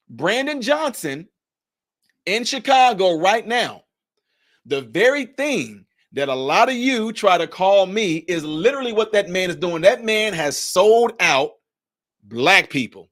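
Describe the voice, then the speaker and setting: A man hosting a political commentary livestream. His voice sits high for a man, and he presses his points with repetition, turning to answer viewers in his chat by name. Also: very animated, unhurried, fairly bright tone. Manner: emphatic, repetitive, addresses chat directly. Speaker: livestream host.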